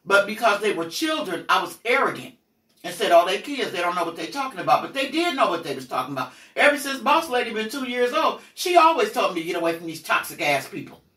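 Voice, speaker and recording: A woman's voice: mid-range voice, a little fast. Blunt middle-aged woman in an echoey room. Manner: blunt, profane, animated storytelling. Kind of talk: candid storytelling talk. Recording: roomy echo, mic at a distance.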